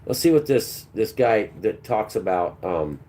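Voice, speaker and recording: A man's voice: lowish voice, very animated, measured pace, dark tone. A man hosting a livestream, delivering a preachy, combative monologue and talking back to his chat. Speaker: livestream host.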